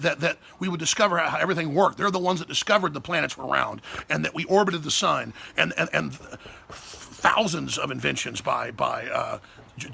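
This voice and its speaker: A man with a Texan accent hosts a talk show, ranting in a fiery, emphatic monologue. His voice is gravelly and husky. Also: on the high side, bright, forceful tone. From Texas. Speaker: host.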